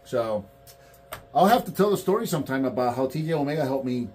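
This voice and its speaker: A man's voice: mid-range voice, fast, a little hiss or hum. A man in casual chat about toy collecting, telling stories and acting out quotes. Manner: animated storyteller, acts out quotes.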